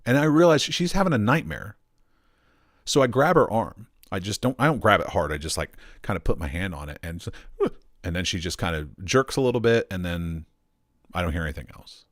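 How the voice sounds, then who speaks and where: A man's voice: sits low, expressive, a little fast, dry recording, studio quality. A man ranting and telling a story at home in a casual, profane, rambling way. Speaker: streamer.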